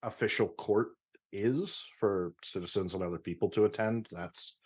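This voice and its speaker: A man's voice: on the low side, moderate pace, a little mellow, husky. A man narrating a tabletop role-play game as the game master, describing scenes with frequent fillers.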